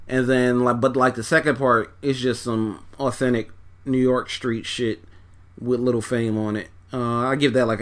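A man's voice: mid-range voice, a bit bright. Laid-back man rambling through an album review. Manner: loose, profane and rambling, with many fillers; talks while folding laundry. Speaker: music reviewer. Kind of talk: casual track-by-track album review.

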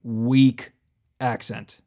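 A man's voice: medium pitch, level tone, drawn-out words, warm tone. Self-mocking man on a chat show. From United States. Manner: self-mocking, profane, joking. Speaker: podcast co-host. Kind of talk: casual chat.

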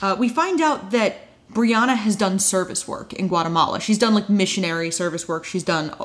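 Chatty woman recapping with wry asides. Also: medium pitch. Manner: chatty, wry asides, quick quoted voices. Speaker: podcast co-host recapping a TV episode. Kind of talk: casual recap chat.

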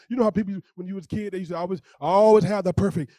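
A male pastor preaching a sermon in a lively, conversational way, repeating phrases and talking straight to the congregation. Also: high voice, fast talker, few pauses, no echo. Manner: animated, conversational preaching with repetitions.

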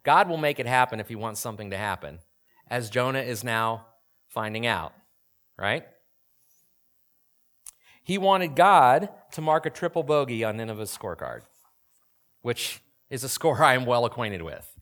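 A man in his forties delivers a sermon in an easygoing, conversational way. He keeps turning to the audience with questions, and his voice sits at an ordinary middle pitch. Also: animated, normal speed, pauses often, a bit bright. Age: 40s. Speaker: pastor.

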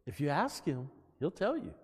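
High, lively-voiced preacher man in reverberant hall. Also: normal speed, slightly rough. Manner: animated preaching, calls out "Amen?" to the congregation. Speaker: pastor. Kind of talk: sermon. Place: church.

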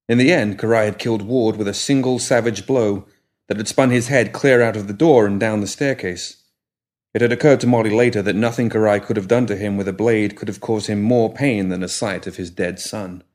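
Man reading dark fantasy fiction, lowish voice, measured and dramatic. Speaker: narrator and host. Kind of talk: scripted story narration. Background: music at the outro.

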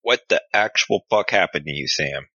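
A man playing a big gruff bruiser in a tabletop role-play, blunt and swearing often. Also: deep voice, animated, normal speed, pushed and bright, no room sound, lo-fi sound. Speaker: player.

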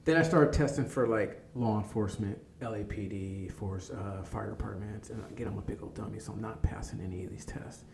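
A man's voice: fairly low pitch, fairly quick, gravelly, few pauses, background noise. A man as a podcast guest, telling stories of his life in a laid-back, casual way, swearing freely and laughing at himself. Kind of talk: casual storytelling interview.

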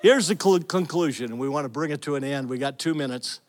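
A middle-aged male pastor with a medium-pitched voice talks fast as he preaches a sermon. He tells stories with energy and calls out to the congregation.

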